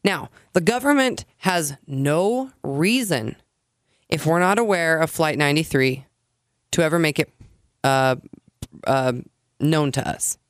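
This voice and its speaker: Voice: medium pitch, a little slow, long pauses, no echo, clean studio sound. A podcast co-host thinking a theory through aloud, often checking that the other agrees. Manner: thoughtful, reasoning aloud, seeking agreement. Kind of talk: casual podcast conversation.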